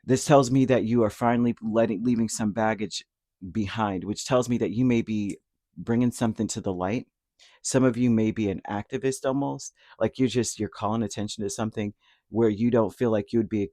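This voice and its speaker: A man's voice: lowish voice, warm tone, no echo, studio quality. A man giving a casual, rambling tarot reading, talking conversationally with lots of fillers and asides. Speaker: tarot reader.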